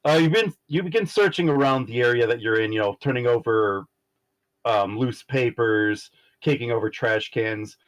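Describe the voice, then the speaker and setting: A man in a mid-range voice runs a tabletop game as its game master. He narrates the scene haltingly and fills his pauses with ums and uhs. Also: medium pitch, poor audio.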